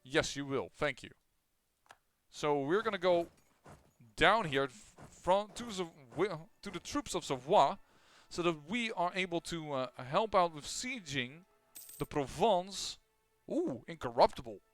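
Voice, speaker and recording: A man's voice: fairly high pitch, very animated, unhurried, a bit bright, soft background music. A man casually commenting on his own strategy game as he plays, thinking aloud with lots of fillers and restarts. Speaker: gameplay commentator.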